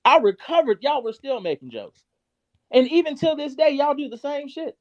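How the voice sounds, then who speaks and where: A man hosting a live stream, ranting angrily and cursing constantly, his loudness jumping up and down. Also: very high voice, lively intonation, moderate pace, no echo, dull audio. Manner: heated, profane, cursing constantly; shifts abruptly between loud and quiet. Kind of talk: angry rant on a live stream.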